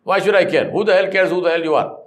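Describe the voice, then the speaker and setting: A man's voice: sits high, fast talker. Emphatic man. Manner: emphatic, rhetorical questions, storytelling with blunt humor. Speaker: corporate trainer. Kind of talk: classroom lecture.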